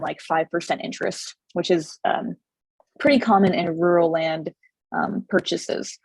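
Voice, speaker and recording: Woman realtor, Californian accent, gravelly and a bit husky, lowish voice, dry close sound; rambling casual explainer. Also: a little mellow, no room sound, rough recording. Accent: Californian English. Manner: chatty, rambling with many fillers and restarts. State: slightly hoarse, losing her voice.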